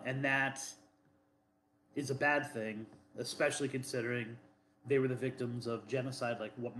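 A man's voice: mid-range voice, a bit bright, slight background noise. Male co-host from Boston, rambling and defensive, lots of fillers, roomy echo. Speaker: podcast co-host. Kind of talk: casual chat.

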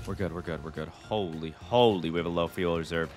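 A man giving excitable gameplay commentary as the host, talking to himself and to viewers and calling everyone "dude". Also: sits low, fast, soft background music. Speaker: gaming video host.

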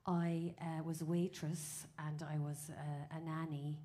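A woman's voice: low-pitched, level tone, a little slow, warm tone. An Irish folk singer chatting onstage between songs, rambling with many fillers and laughing at her own stories. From Ireland. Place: small live music venue.

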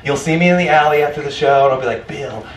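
Rapid-fire and on the high side, this host's voice carries emcee banter at a live music night in a library event space. He rambles and jokes about himself in front of a live crowd, picked up by a distant mic with roomy sound and crowd noise.

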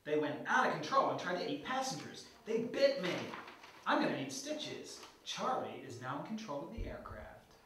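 A man doing a bitten flight steward, clipped code-reading, slightly high voice, echoey room. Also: very animated, moderate pace, noisy background. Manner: clipped, rattling off codes. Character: bitten male flight steward, turning zombie. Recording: echoey room, mic far off.

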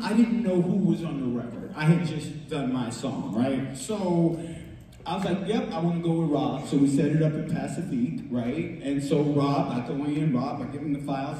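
A music producer telling a story on a talk show, acting out quotes with voices and laughing often. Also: male voice, on the high side, warm tone, a little hiss or hum. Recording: echoey hall, voice far from mic.

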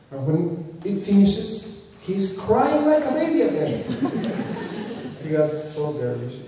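Man telling stories, slow and mellow. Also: medium pitch, distant mic. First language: Spanish. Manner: lively storyteller, halting restarts, chuckles between punchlines. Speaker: filmmaker giving a public lecture. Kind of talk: anecdotal storytelling lecture. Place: lecture hall with an audience. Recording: echoey hall recording from afar.

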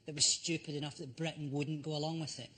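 A man's voice: on the high side, level tone, fast talker. A man on a comedy panel riffing in a dry, absurd, teasing way. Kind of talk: comic riffing. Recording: loud noise on studio audio.

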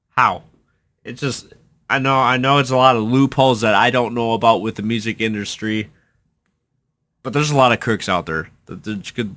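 Bright-voiced guy chatting excitedly. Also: mid-range voice, dry recording. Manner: excited, chatty, thinking out loud with restarts. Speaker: musician reacting to a song. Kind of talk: casual reaction commentary.

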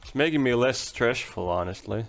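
A young man giving casual let's-play commentary, muttering to himself and breaking into frustrated swearing. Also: medium pitch.

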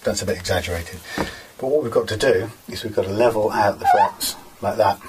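A man's voice: fairly low pitch, expressive, fairly quick, slight background noise, rough recording. A man casually talking through guitar fret work in a workshop, rambling with many fillers as he explains each step. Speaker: guitar repairer.

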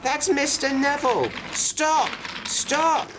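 A man's voice: sing-song, measured pace, noisy background. A man voicing a polite, fretful little male brake van in a toy train story. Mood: alarmed. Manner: anxious, very polite, high and breathy.

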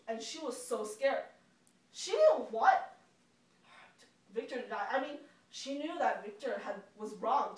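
A woman teacher telling a Bible story to children with lively expression. Her voice is fairly high, and it comes from across an echoing room, recorded from a distance. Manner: animated storyteller. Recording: echoey room from far off.

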